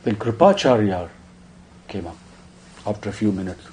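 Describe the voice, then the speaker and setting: A man telling a sacred story in a devotional discourse, emotive, dropping hushed then rising. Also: on the low side, very animated, normal speed, a little hiss or hum. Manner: emotive, swinging between hushed and raised. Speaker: spiritual discourse speaker.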